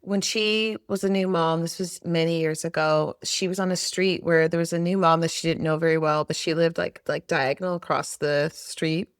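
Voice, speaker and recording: A woman hosting a podcast, telling a story in a reflective, unhurried way. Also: low-pitched, fairly even intonation, clear, resonant tone, no echo, studio quality. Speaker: podcast host. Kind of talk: casual podcast chat.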